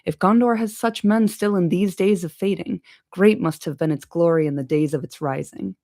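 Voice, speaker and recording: A woman's voice: lowish voice, moderate pace, mellow, no room sound, studio quality, close to an everyday voice. Woman reading as a graceful noble elf. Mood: courteous. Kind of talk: amateur audiobook reading.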